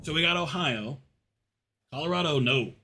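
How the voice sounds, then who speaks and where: A man's voice: fairly high pitch, expressive, moderate pace, noisy background. Chatty young man, faint Southern lilt. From northern Alabama, US. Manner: chatty, laughs often, answers chat between plays. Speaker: game streamer. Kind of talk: casual live-stream chat while gaming.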